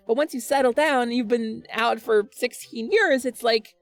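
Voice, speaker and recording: A woman streamer chatting casually with her viewers, earnest and animated, laughing often and restarting her sentences. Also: on the high side, normal speed, few pauses, soft background music.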